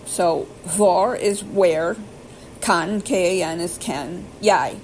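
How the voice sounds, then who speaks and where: A woman vlogging casually, rambling and self-deprecating, who slowly sounds out and spells foreign phrases letter by letter. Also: fairly low pitch, darkish tone, a little hiss or hum, poor audio. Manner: slow careful pronunciation attempts. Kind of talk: casual self-taught language practice.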